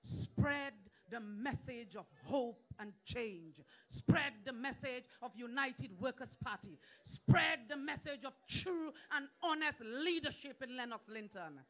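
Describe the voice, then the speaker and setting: A man with a Dominican accent giving a fiery political rally speech as a senator, shouting in repeated calls to the crowd outdoors. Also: very high-pitched, expressive, a little slow, hardly any pauses.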